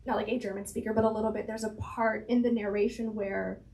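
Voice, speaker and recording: A woman's voice: medium pitch, level tone, quick pace, dark tone, poor audio. A woman chatting as an author guest in an interview, thinking aloud, laughing often, her voice slightly strained. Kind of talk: casual conversational interview.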